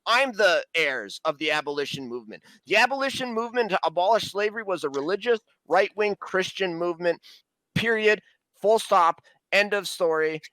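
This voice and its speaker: A man's voice: sits high, expressive, normal speed, bright, forceful tone, no room sound, poor audio. A man from the Mountain West arguing indignantly and emphatically in a heated political debate, repeating words when pressed. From Mountain West, United States. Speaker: debate panelist.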